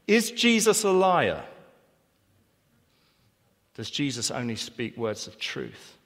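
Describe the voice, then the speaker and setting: A man's voice: medium pitch, sing-song, takes it slowly, long pauses. A man preaching a sermon as pastor, earnest, with rhetorical questions and repetition. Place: church hall. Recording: long church reverb.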